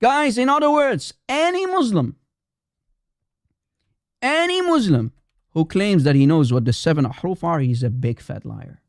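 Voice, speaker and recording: A man's voice: high voice, very animated, unhurried, long pauses, no room sound, studio quality. A man hosting a live stream, arguing in a combative, repetitive way and firing challenges at his audience. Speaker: livestream host. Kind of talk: heated live-stream polemic.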